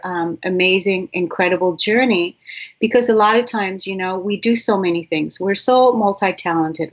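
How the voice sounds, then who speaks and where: A woman's voice: mid-range voice, highs cut off. A woman hosting a talk show, reading a glowing introduction and chatting in an emphatic, gushing way. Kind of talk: warm interview introduction.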